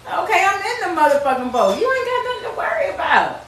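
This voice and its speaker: A woman's voice: very high voice, big pitch swings, fast talker, a bit bright, recorded from a distance, a little hiss or hum, pitched above the performer's own voice, exaggerated voice. A woman putting on an unbothered, exasperated man who scolds his scared followers with streetwise cursing. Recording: echoey room, away from the mic.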